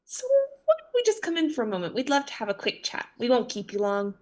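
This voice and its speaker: Woman doing a coy haggling trader, wheedling, slightly high voice. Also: very animated, fast. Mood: coaxing.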